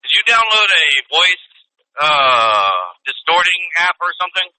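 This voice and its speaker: A man's voice: high voice, big pitch swings, a little slow, pushed and bright. A man co-hosting a podcast over a phone call, teasing his friend in a dry, mock-serious way. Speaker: podcast co-host. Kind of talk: casual phone call chat.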